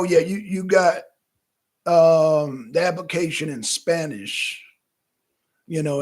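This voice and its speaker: Give me an animated man doing casual political commentary as a talk show host, with a slightly high voice. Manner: animated, rambling, repeats himself.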